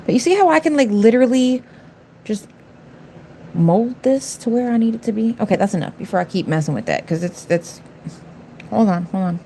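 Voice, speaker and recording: A woman's voice: medium pitch, animated, brisk, pauses often, dark tone, slight background noise. Sassy woman chatting on a nail livestream. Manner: blunt, sassy, talks back to chat viewers. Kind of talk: casual livestream chat.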